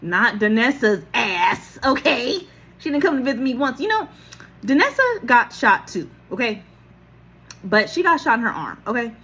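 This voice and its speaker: Animated woman telling a story to her phone. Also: on the high side, moderate pace, slightly rough. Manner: animated, laughing, acts out quotes, casual swearing. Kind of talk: casual storytime monologue. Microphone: phone camera.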